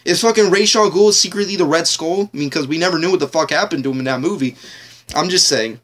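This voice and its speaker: A man's voice: on the high side, quick pace, a bit bright. A man ranting casually in a TV episode review vlog, rambling, joking and swearing heavily.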